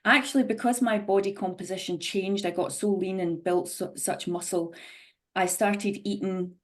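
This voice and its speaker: A woman's voice: medium pitch, fairly even intonation, moderate pace. A woman on a video call talking candidly about her fitness journey, rambling a bit and restarting her sentences. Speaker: program participant. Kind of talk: sharing a personal story on a video call.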